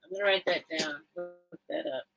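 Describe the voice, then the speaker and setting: A woman's voice: on the low side, brisk, fairly bright tone, faint music behind, poor audio. A middle-aged woman hosting a late-night live sale stream, chatting casually and emotionally as she reacts to viewer comments.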